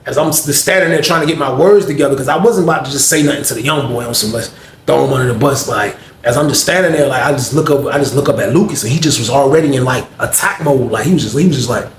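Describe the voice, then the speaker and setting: A man telling a personal story in a casual storytime vlog, animated and profane, speaking straight to his viewers in street slang. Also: medium pitch, fast, hardly any pauses, reverberant, a little hiss or hum.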